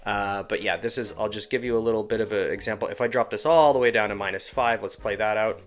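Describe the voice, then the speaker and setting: A man's voice: on the low side, steady tone, fast. Casual man walking through a tutorial. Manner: casual, rambling, self-deprecating. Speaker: animator and creator. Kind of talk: tutorial walkthrough.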